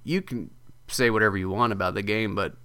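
A man who writes video games, talking as a guest in a casual podcast interview, animated and jokey as he tells stories. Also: on the low side, brisk, smooth.

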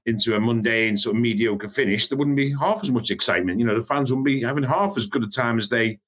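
A man's voice: mid-range voice, quick pace, fairly bright tone. A man talking football in a casual chat, stumbling over restarts and fillers. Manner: hesitant, many restarts and fillers. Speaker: football pundit.

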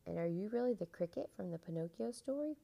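A woman's voice: mid-range voice, expressive, quick pace, creaky, warm tone. A woman voicing a brave, earnest young boy on a quest in a storybook reading, pleading and eager.

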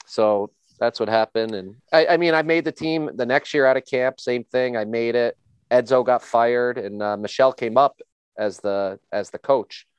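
Man, middle-aged, smooth clear voice, dry close sound, rambling casual storytelling. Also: medium pitch, steady tone, normal speed, no echo. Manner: rambling, repeats words when starting sentences. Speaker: former pro hockey player.

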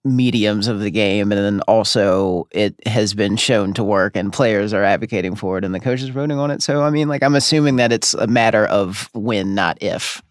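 A young man co-hosting a sports podcast, relaxed, with dry wit and many "I mean"s. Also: fairly low pitch, moderate pace, hardly any pauses, no room sound. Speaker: podcast co-host. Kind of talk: casual sports chat.

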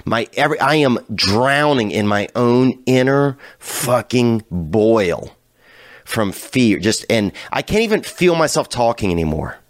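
A man hosting a casual talk show, telling a rambling, profane story that drifts from low mutters to loud hyped bursts. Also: animated, measured pace, dry recording, studio quality. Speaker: podcast host.

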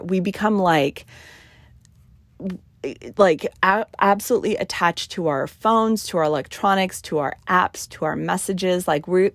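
A middle-aged woman talks through her podcast in a chatty, emphatic way, leaning on ums as she goes. Her voice sits on the low side. The sound is dry, with almost no room. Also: no room sound. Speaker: podcast host. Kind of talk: casual solo podcast talk.

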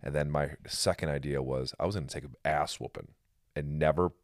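A man hosting a casual podcast, telling a story with animated energy and free swearing. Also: rumbling low, a little fast, no echo, clean studio sound. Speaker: podcast host and pro wrestler. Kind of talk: casual chat.

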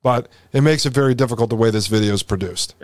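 A man's voice: mid-range voice, fast, dry recording. Insistent male podcast host, dry sound. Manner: emphatic, insistent and repetitive. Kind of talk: commentary over a played video.

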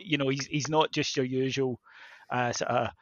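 A man's voice: medium pitch, normal speed, noisy background. A man, co-hosting a football podcast in casual chat, animatedly retelling what players and managers said. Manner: animated storytelling, acts out quotes. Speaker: podcast co-host, football journalist. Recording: dry, slightly dull podcast mic.

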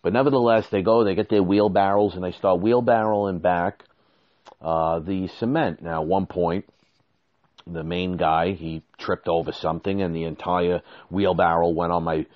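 A man telling a story casually and animatedly, acting out quoted lines with sudden high exclamations. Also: steady tone, normal speed, muffled recording.

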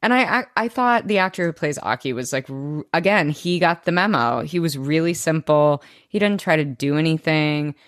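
A woman's voice: low voice, animated, normal speed, few pauses, no room sound, clean studio sound. A woman co-hosting a podcast, recapping a show in casual chat, full of fillers and restarts. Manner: chatty, many fillers and restarts. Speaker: podcast co-host.

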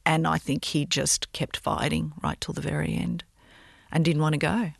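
Middle-aged woman interviewee, gravelly, emotional and halting, dry close mic. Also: low-pitched, steady tone, no room sound. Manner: halting, emotional, with frequent restarts. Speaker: bereaved mother, interviewee. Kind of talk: personal storytelling in an interview.

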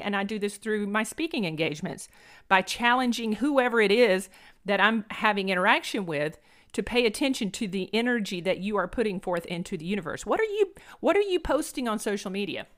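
A middle-aged woman speaks earnestly as a podcast host, giving a motivational monologue. She repeats phrases for emphasis, and her voice sits at a mid pitch. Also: a bit bright.

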